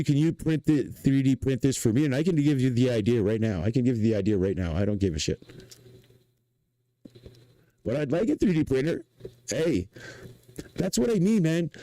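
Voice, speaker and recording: Man, Quebec French accent, livestreamer, excitable profane rant, mellow voice, dry sound. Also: on the high side, dry recording. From Canada.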